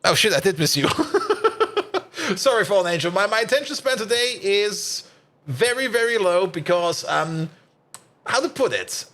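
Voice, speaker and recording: A man's voice: high voice, sing-song, a little slow, long pauses, a bit bright. A tired man streaming a factory-building game, chatting and rambling as he plays, with frequent laughs and casual swearing. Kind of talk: casual gameplay commentary.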